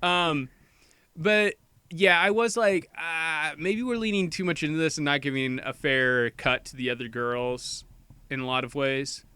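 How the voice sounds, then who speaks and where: A young adult man co-hosting a podcast, talking casually with an animated, jokey manner. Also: a little high, measured pace, clean tone, no room sound. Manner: animated, jokey, laughs often. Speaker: podcast co-host. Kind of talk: casual chat.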